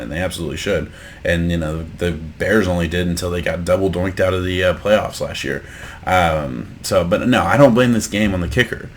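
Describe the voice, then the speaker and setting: A deep-voiced man gives his casual take on the week's football games. He talks loosely, doubles back on his words and builds into heated, profane rants about bad coaching. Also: slight background noise. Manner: heated ranting, swearing, many restarts; laid-back reactionary musing. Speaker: sports podcast host. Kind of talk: casual sports reaction commentary.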